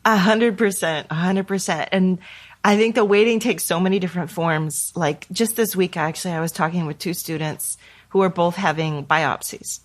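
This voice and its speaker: A woman hosting a reflective conversation, calmly coaching and acting out worried self-talk. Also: lowish voice, moderate pace. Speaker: podcast host and teacher.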